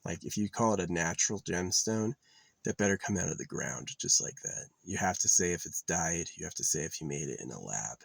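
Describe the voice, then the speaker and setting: A man with a deep voice and a gravelly, creaky edge, drifting loosely from one thought to the next as if chatting to himself. He swears freely and talks off the cuff. The sound is close and dry, with no room around it. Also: animated, brisk, dry recording, poor audio. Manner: meandering, profane, off-the-cuff. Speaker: vlogger. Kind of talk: casual rambling monologue.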